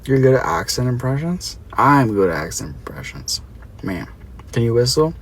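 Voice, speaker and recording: Casting: young Australian man, mid-pitched, playful and chatty, live-streaming from a car with faint road hum. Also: very animated, normal speed. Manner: playful, chatty, reads and answers chat. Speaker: livestreamer. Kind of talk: casual live-stream chat.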